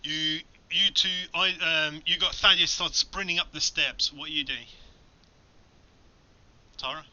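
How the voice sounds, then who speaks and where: A man's voice: a little high, measured pace, pauses often, sharp tone. A man running a tabletop horror game, talking loosely, swearing and laughing. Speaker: game master. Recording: dull lo-fi recording.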